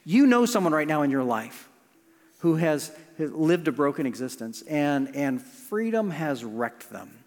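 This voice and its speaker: A middle-aged male pastor preaching a sermon, shifting from loud emphasis to hushed near-whispers. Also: fairly high pitch, very animated, measured pace. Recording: long hall reverb.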